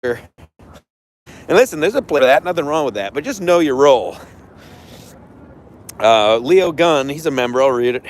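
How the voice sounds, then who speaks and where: A man's voice: mid-range voice, expressive, moderate pace, long pauses. A man hosting a walking livestream. He talks brashly, rants and boasts. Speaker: livestream host. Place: outdoors around a stadium. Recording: noisy outdoor street sound.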